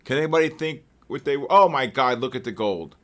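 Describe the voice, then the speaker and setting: An older man hosting a live market trading session, mixing chart talk with joking stories and loud exclamations. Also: medium pitch, lively intonation, brisk. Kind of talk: live trading commentary and casual chat.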